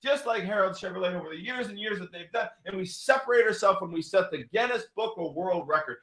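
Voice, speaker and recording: A man in his sixties with a high voice tells a story as a show host, repeating phrases for emphasis. He breaks into loud, excited exclamations. The sound carries a roomy echo. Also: fast talker. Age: 60s. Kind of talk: motivational storytelling talk.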